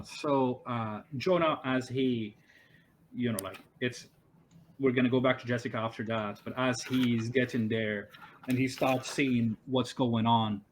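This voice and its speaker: A man runs a tabletop game over a voice call and thinks out loud as he goes. He rambles through the rules, with plenty of fillers and restarts, and a faint background hum sits under his voice. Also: medium pitch. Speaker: game master. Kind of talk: running a tabletop game online.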